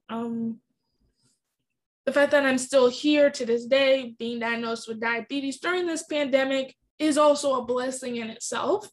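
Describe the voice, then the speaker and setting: Young woman, high voice, podcast host, earnest, candid, emotional personal story.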